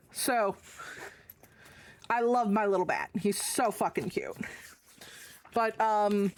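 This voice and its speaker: A woman streamer chatting casually and rambling as she shows items to her live chat, swearing freely. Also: on the high side. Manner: chatty, profane, rambling show-and-tell. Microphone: desk mic.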